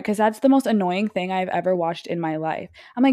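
A young adult woman co-hosting a podcast in casual chat, talking loud and fast and wandering off on tangents. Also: fairly low pitch, lively intonation. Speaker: podcast co-host.

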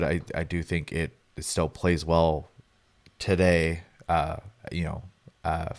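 A man co-hosting a gaming podcast, giving a hesitant, reflective review with many restarts. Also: deep voice. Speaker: podcast co-host. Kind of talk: casual gaming podcast chat.

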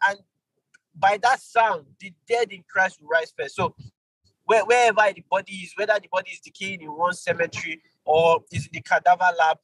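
A man teaching an online Bible study, animated, with sudden jumps in pitch for emphasis and quick apologetic asides. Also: breathy edge, no room sound, low-quality recording.

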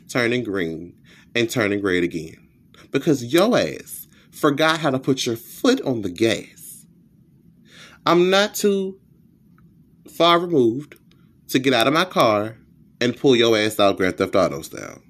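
A man hosting a podcast, telling a comedic, profane rant in an animated storytelling style. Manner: animated, profane storytelling with sudden pitch jumps. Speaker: podcast host.

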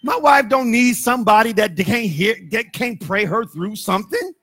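Impassioned preacher, high bright voice. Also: male voice, very animated, normal speed, soft background music. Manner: impassioned preaching, shifting from hushed to shouting. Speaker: pastor. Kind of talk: sermon.

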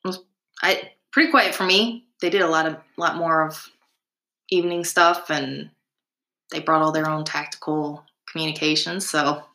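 A woman's voice: sits low, steady tone, normal speed, sharp tone. Chatty woman guest in an echoey room. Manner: chatty, rambling, laughing. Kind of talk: casual storytelling chat.

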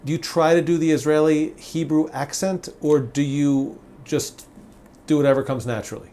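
A man's voice: a little high, moderate pace. A man hosting a casual interview, asking short questions in an easygoing way. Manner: brief, relaxed prompts and back-channel replies. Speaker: podcast host.

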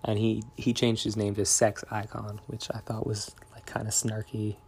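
A young man talking in a reflective, meandering, soft-spoken way in a confessional diary vlog. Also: fairly low pitch, monotone, moderate pace, vocal fry, breathy edge. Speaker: vlogger.

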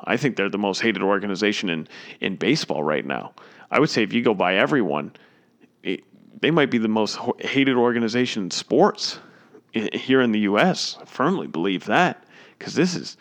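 A man's voice: fairly low pitch, sing-song, moderate pace, vocal fry, fairly bright tone. A man giving an opinionated, emphatic sports commentary, indignant and repeating his points.

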